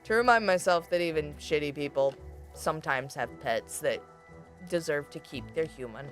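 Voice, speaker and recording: A woman with a deep voice streams a game at a normal speed, chatting casually with her chat, laughing often and swearing freely, with soft music in the background.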